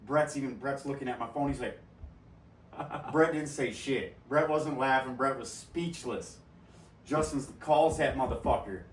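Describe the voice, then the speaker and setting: A man hosting a casual podcast, cursing freely and laughing through his stories. His voice sits at an ordinary middle pitch. He is a little distant from the mic in an echoey room, with a faint hum of ambience behind him. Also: unhurried. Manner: profane, laughing storyteller. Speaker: podcast host. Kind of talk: casual storytelling chat.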